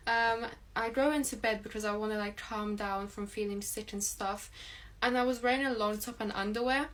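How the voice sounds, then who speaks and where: A woman's voice: a little high, fairly bright tone. A young woman telling a personal story in a casual, rambling way, filling her speech with "like". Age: young adult. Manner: chatty, rambling, heavy use of "like".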